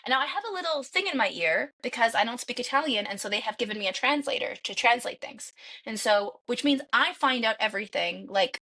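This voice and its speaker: A woman, a podcast guest, telling a story in an animated way and acting out the quoted dialogue. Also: a little high, brisk. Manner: acts out quoted dialogue with lively shifts.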